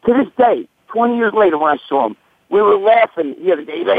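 A man's voice: high voice, animated, quick pace, a little hiss or hum. A man telling a crude story in a casual, profane, rambling way. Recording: tinny phone line, dry.

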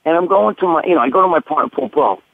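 A man's voice: fairly high pitch, very fast, vocal fry, no echo. A man telling a crude story in a casual, profane, rambling way. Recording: tinny phone line, dry.

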